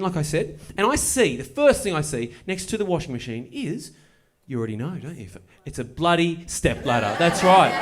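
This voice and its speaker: Male stand-up, slightly high voice, deadpan storyteller who spikes into excitement. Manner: dry, deadpan delivery that builds to excited bursts. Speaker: stand-up comedian. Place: comedy venue on stage. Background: audience laughter.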